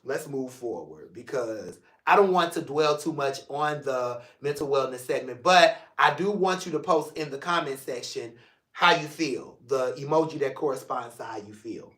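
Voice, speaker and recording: A medium-pitched man from St. Louis, Missouri talks at a moderate pace in a reverberant space while hosting his own casual livestream show. His manner is animated and jokey, swinging between playfulness and earnest emotion.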